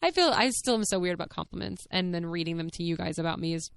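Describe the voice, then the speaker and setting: A young adult woman hosting her own podcast, chatting candidly and reading listener comments aloud, full of fillers and quick laughs. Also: fairly low pitch, vocal fry, smooth, dry recording. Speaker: podcast host.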